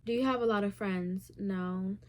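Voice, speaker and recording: A young woman vlogging at an ordinary middle pitch. She answers viewer questions candidly and loosely, in a chatty way. Her sentences run on with plenty of "like". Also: moderate pace. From Puerto Rican heritage. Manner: candid and chatty, heavy use of "like". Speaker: YouTuber. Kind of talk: casual Q&A vlog.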